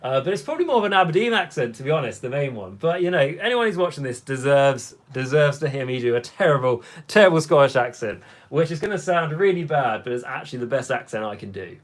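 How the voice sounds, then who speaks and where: A young man hosting a hobby livestream, his voice worn hoarse from hours of talking, rambling casually as he reads out chat comments. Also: mid-range voice, sing-song, fast.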